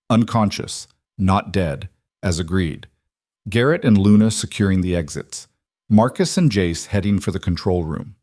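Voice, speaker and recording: A man narrating a romantic fantasy story in an even, measured audiobook style. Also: lowish voice, dry recording, clean studio sound.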